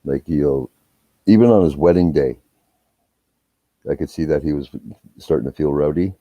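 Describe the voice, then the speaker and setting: This man has a bass voice and a moderate pace, recorded dry, as he chats casually on a live stream. His family stories ramble and swear freely, picking up energy when he recounts arguments, though the sound is muffled and dull.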